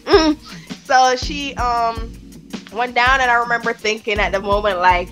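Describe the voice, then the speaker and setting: A woman's voice: on the high side, fairly even intonation, a little slow, fairly bright tone, faint music behind. A woman from Jamaica with a Jamaican accent, chatting as a podcast guest in a frank, profane, storytelling way. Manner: frank, profane storytelling with laughs and trailing fillers. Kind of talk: casual candid podcast chat.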